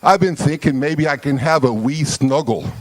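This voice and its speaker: A man voicing a bashful young man on a picnic date, speaking in a slow, hesitant and musing way. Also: on the high side, no room sound, close to an everyday voice.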